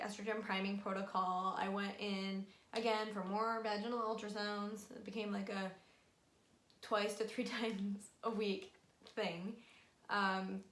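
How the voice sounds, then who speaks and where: A woman's voice: medium pitch, fairly bright tone. Chatty young woman in an echoey room. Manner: frank and chatty, many fillers. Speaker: vlogger sharing her fertility treatment. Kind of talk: casual explainer vlog. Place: room at home. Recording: echoey room, faint music.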